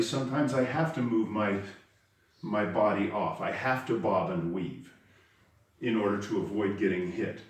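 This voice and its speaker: A man teaching karate, explaining step by step and stressing the key words. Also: fairly low pitch. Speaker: karate instructor. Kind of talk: spoken lesson. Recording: very echoey room, voice far from the mic.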